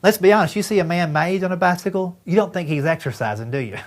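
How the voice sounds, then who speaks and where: A man's voice: high-pitched, fast talker. A man in his fifties doing a stand-up comedy routine, telling folksy stories and acting out dialogue with his doctor and friends. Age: 50s.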